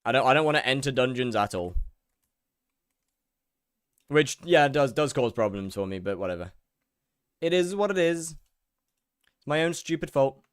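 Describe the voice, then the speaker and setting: A man's voice: medium pitch, lively intonation, normal speed, long pauses, clean tone, no room sound, clean studio sound. Rambling young man streaming a game. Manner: rambling, repeats words, answers chat. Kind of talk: casual gameplay streaming chat.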